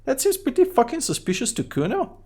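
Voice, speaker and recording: A man doing a squeaky foul-mouthed street kid. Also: huge pitch swings, brisk, warm tone, exaggerated voice. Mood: belligerent. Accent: Bulgarian. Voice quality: high-pitched squeaky put-on voice. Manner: crude, belligerent, talks about himself in third person. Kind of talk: game dialogue read aloud on stream.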